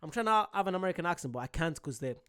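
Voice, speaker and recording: A young man who grew up in Ireland gives casual, excitable reaction commentary, swearing and laughing at himself. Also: a little high, racing, clean tone. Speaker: reaction video host.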